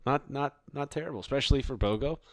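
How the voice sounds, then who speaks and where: A man's voice: mid-range voice, fast, no echo. A man co-hosting a podcast, chatting about drinks in a laid-back, rambling way. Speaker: podcast co-host. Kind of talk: casual chat.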